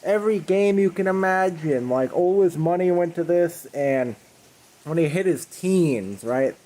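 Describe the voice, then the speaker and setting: A man's voice: high voice, measured pace, warm tone. Man ranting in a profane, erratic way. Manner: erratic, exasperated, swearing, rambling with restarts. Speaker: video creator. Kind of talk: profane comedic rant to camera.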